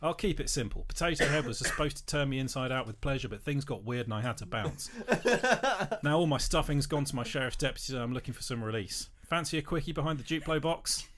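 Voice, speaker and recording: A man's voice: mid-range voice, animated, brisk, a bit bright, close to an everyday voice. A man reading as a randy, frustrated toy cowboy. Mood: eager. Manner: brash, exasperated, crude. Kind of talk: comic fan-fiction reading.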